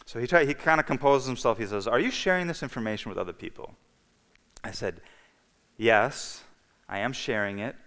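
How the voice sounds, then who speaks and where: A man's voice: medium pitch, lively intonation, fairly quick, fairly bright tone. A man giving a personal testimony as a guest speaker in church. He tells his story in a storytelling manner, acts out each person's lines, and often checks in with "okay?" and "you know". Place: church hall. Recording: livestream with long hall reverb.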